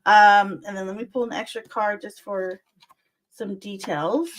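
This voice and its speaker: A woman's voice: medium pitch, steady tone, measured pace, background noise. A woman doing live-stream tarot readings, chatty and soothing, calling viewers "my dear" and "lovey". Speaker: tarot reader.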